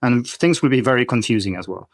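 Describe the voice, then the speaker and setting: A man's voice: medium pitch, lively intonation, fast talker, dry recording, studio quality. A man speaking as a podcast guest, explaining a language-learning topic in a methodical, teacherly way. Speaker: guest expert on learning Chinese. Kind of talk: podcast conversation.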